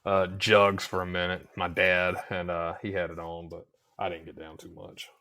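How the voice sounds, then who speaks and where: A man cohosting a casual podcast, relaxed, chatty and profane. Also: deep voice, moderate pace.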